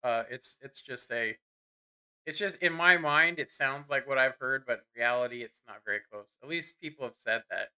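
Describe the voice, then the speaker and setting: A man's voice: medium pitch, normal speed, bright, forceful tone, clear, resonant tone. A man giving rambling, self-deprecating commentary while playing a game. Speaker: gaming streamer. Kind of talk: casual gameplay commentary.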